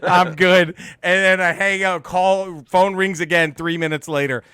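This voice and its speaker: High, bright-voiced comedian telling a story. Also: male voice, normal speed, hardly any pauses, clean tone, no room sound, studio quality. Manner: animated, laughing storyteller who acts out quotes. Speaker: podcast co-host, stand-up comedian. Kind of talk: casual storytelling chat.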